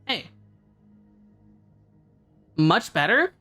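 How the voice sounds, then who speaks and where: A woman game streamer, a little congested, chatting excitedly with her live chat into a condenser microphone. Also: medium pitch, extremely slow, soft background music.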